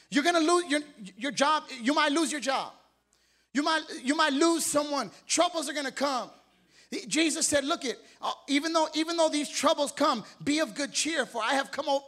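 High-voiced, exhorting male pastor. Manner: energetic, exhorting, calls out questions to the congregation. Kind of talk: sermon. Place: church sanctuary.

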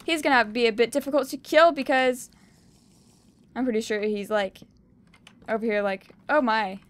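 A young woman giving excitable gameplay commentary, cheering and shrieking as she plays. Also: on the high side, moderate pace. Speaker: gaming YouTuber.

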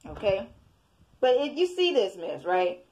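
A woman's voice: mid-range voice, big pitch swings, a little slow, darkish tone. A woman preaching informally to an online audience, scolding her listeners and repeating "okay?" again and again. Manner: repetitive, scolding, keeps asking "okay?". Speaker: self-made online preacher.

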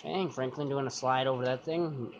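A man's voice: medium pitch, steady tone, moderate pace. A man giving loose, rambling gameplay commentary, cursing casually and thinking aloud. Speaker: gaming YouTuber. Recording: dull lo-fi sound with clear noise.

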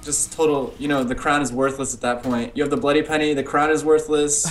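A man's voice: on the high side, flat delivery, brisk, soft background music. A British man co-hosting a casual gaming chat, chatty and teasing. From Britain. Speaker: co-host.

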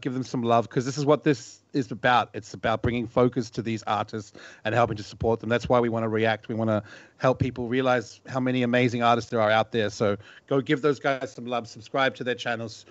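A man who grew up in New Zealand, co-hosting a beatbox reaction livestream in a relaxed, chatty way. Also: mid-range voice, fairly quick, no room sound, muffled recording. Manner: relaxed, chatty, laughs often. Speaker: co-host of a beatbox reaction stream. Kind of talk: casual livestream chat.

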